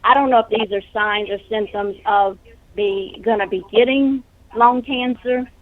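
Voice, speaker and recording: A woman's voice: mid-range voice, fairly even intonation, unhurried, dry recording. A woman calling in by phone, short of breath, earnest and rambling as she describes her symptoms. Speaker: caller. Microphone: telephone. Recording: tinny dry phone line.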